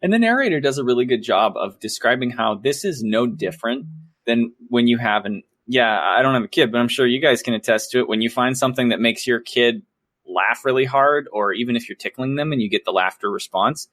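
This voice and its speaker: A man co-hosting a podcast, chatting casually in a playful, expressive way with joking flourishes. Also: mid-range voice, fairly quick, no echo. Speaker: podcast co-host. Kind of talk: casual chat.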